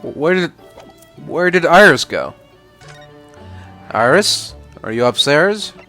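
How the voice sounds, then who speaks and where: A man reading and casually commenting while playing a story game, in a relaxed, offhand way. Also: on the high side, slow pace, faint music behind. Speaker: game let's player.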